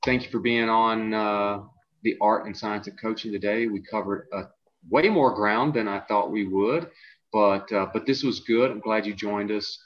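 A middle-aged man hosting a podcast over a video call, talking in a halting way with frequent "uh"s and repeated words. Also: on the low side. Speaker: podcast host and coach. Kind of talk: casual podcast chat. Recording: dull lo-fi video call audio.

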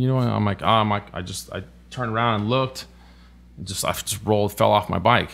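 A man's voice: deep voice, a little fast, creaky, pushed and bright, slight background noise. A man, telling profane, rambling stories on a casual podcast. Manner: profane, rambling anecdotes with acted-out quotes. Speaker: guest, stunt biker.

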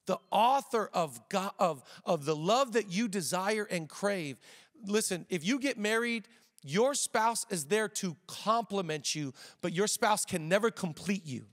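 A man's voice: high voice, long reverb tail. A middle-aged male pastor preaching a conversational sermon, repeating phrases and joking with the congregation. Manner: conversational preaching with repetitions and jokes. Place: church auditorium.

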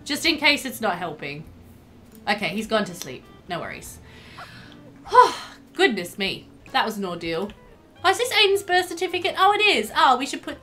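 Bright, lively young woman streamer. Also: on the high side, normal speed. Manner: exasperated, scolding the characters on screen. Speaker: streamer playing a life-sim game. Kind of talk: live gameplay commentary. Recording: faint game music underneath. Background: faint game music.

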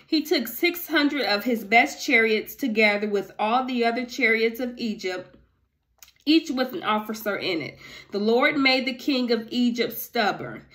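A woman's voice: fairly high pitch, fairly bright tone. Chatty woman reading scripture. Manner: conversational, ad-libbing asides between verses. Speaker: Bible teacher. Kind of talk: casual devotional Bible reading with commentary.

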